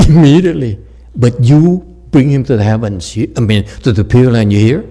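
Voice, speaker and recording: Giving a laid-back dharma talk, a man who teaches Buddhist meditation shares stories laced with jokes and plenty of laughter, speaking straight to his listeners. He has a warm, mid-range voice and a moderate pace.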